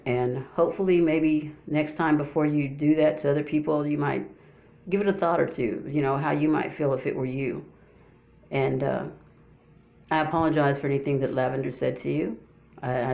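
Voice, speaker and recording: A woman's voice: very deep voice, vocal fry, dark tone. A woman talking straight to her viewers in a casual, unscripted monologue, often restarting her sentences and asking rhetorical questions. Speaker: YouTuber addressing viewers.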